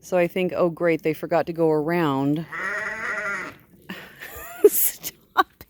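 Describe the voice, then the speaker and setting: A woman's voice: sits low, lively intonation, very slow, long pauses, crowd noise. A woman sheep farmer chatting casually outdoors in her sheep pen, cooing baby talk to her animals in between. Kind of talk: casual vlog talking to animals.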